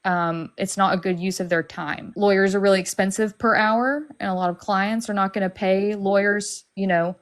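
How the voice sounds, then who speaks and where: A young woman from Alabama with a light Southern accent that sounds almost Californian, chatting fast and bubbly on a family livestream. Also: medium pitch, fairly even intonation. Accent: light Southern, mostly Californian-sounding. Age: young adult. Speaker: paralegal guest. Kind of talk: casual livestream chat.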